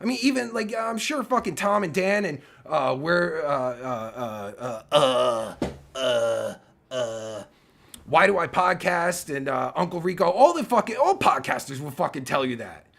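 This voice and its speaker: Man, livestream rant, profane, heated, lots of fillers, high lively voice, gravelly. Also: moderate pace, few pauses. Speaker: streamer and podcaster.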